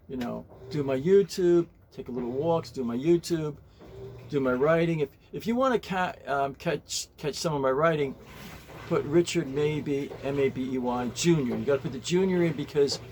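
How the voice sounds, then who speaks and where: A man's voice: on the high side, a little hiss or hum. Stammering, rambling man vlogging. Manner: stammering, repeats words and restarts, rambling; earnest and homespun, fond of small comforts. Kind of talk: casual vlog talk to camera. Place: at home, later filming by a pool.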